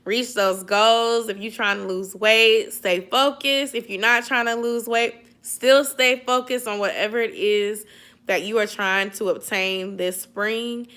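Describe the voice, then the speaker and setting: Bright-voiced sleepy woman livestreaming. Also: on the high side, fairly even intonation, a little slow. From Atlanta area, US. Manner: chatty, sisterly advice, drawling slang. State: sleepy, yawning. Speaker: YouTube livestream host. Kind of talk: casual livestream chat reading viewer comments.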